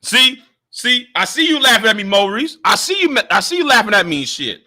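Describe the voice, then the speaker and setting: A man's voice: high voice, sing-song, brisk, bright, forceful tone. A man hosting a casual livestream, angry, swearing constantly and stammering over repeated words. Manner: profane, stammering repetitions. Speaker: livestream host.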